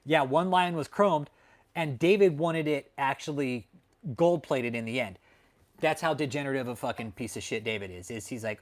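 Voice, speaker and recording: A man's voice: mid-range voice, normal speed. A man hosting a livestream, ranting angrily and swearing constantly in a casual commentary style from home. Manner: angry, profane, swearing constantly. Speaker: livestream host. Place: home, dog nearby.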